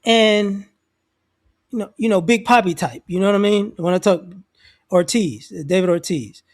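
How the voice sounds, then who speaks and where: In this casual social commentary monologue, a commentator with a high male voice talks at normal speed. His delivery is loose and slangy, full of restarted sentences, and he voices other people's lines in quotes as he shares his views on society.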